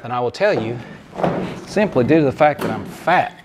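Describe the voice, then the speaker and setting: A man's voice: mid-range voice, very animated, normal speed, vocal fry, very noisy. A man, out of breath, chatting in a folksy, joking way as he works on a car in his garage. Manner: folksy, joking, talks while working. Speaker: DIY car builder. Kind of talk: casual workshop tutorial.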